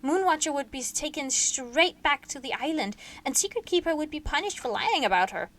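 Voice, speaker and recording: A woman reading a novel aloud on a stream, sleepy and yawning, with expressive delivery and small slips she corrects. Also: high voice, normal speed.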